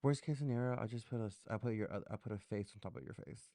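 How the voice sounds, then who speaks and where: A man's voice: fairly low pitch, racing, dark tone, no echo, studio quality. Campy, teasing man hosting a podcast. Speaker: podcast host. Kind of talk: casual podcast chat.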